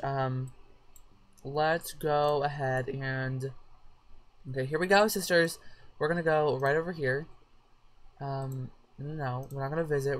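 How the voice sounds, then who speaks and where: A woman chatting through a life-sim game with a sore throat and a headache, excitable and swearing freely at her characters. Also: deep voice. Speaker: let's play gamer. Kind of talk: casual gameplay commentary.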